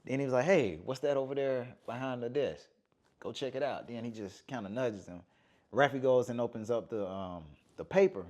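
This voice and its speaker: Animated man retelling a film scene. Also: medium pitch, normal speed. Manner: animated storytelling, acts out movie lines, says "man" often. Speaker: podcast host. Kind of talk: casual podcast chat.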